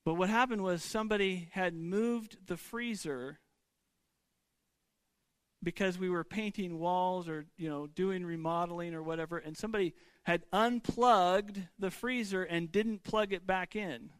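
A man delivers a sermon as a pastor, his voice sitting high for a man. He talks in a loose, conversational way, stumbling and restarting, tossing rhetorical questions at his listeners. The sound is dry and close, with no room echo. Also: a little slow, smooth.

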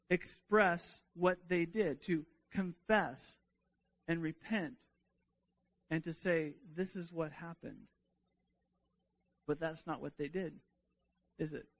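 A man with a high voice preaches a sermon at an unhurried pace. He speaks earnestly and often repeats a word as he restarts a thought. The recording sounds dull and lo-fi.

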